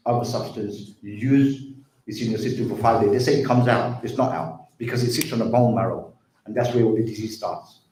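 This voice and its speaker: A man's voice: mid-range voice, a little mellow. Earnest man, echoey hall from afar. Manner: earnest, repetitive, addresses listeners as brothers and sisters. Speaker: speaker on drug addiction. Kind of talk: community talk. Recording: very echoey hall, distant mic.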